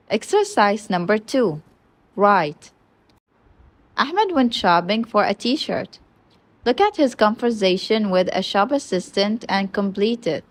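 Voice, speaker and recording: A woman, an English teacher reading textbook exercises and answers aloud in slow, clearly enunciated instructions. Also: mid-range voice, lively intonation.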